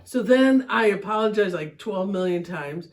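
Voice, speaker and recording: Animated middle-aged woman telling stories. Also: normal speed. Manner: animated, laughs often, voice jumps high when excited. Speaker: podcast host. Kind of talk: casual storytelling chat.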